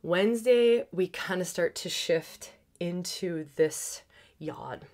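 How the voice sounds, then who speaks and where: A woman hosting an astrology forecast, talking fast and excitedly, laughing often and dropping into soft whispers. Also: fairly low pitch. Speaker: astrologer and podcast host.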